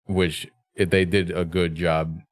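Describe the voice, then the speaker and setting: A man's voice: low voice, little pitch movement, a little slow. A man co-hosting a podcast, chatting casually, swearing freely and often laughing. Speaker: podcast co-host. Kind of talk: casual chat.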